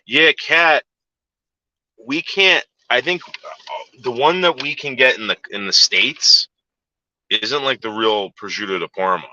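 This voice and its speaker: A man's voice: medium pitch, a little slow, pauses often, pushed and bright, dry recording, highs cut off. A man in casual chat, telling a story in a rambling, profane way with frequent repeated words and restarts.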